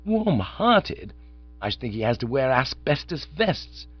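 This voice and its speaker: A man's voice: medium pitch, sing-song, unhurried, pitched above the performer's own voice. A man voicing a breezy, easily flustered young upper-class idler who sounds exasperated, in a dull, dry recording.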